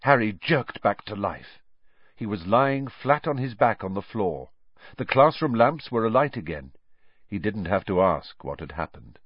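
A man narrating a fantasy story aloud with expressive, storytelling delivery, on a dull, dry recording. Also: on the low side, unhurried, husky, dry recording. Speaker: audiobook narrator. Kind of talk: scripted narration. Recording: dull, dry studio audiobook.

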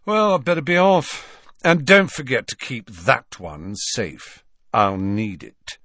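Man reads cocky teen bully, icy contempt, lively swings in pitch; audiobook. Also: takes it slowly, no room sound, clean studio sound, full character voice. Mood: sneering. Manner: cold, contemptuous. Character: sneering arrogant teenage boy, threatening. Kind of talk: audiobook character voice.

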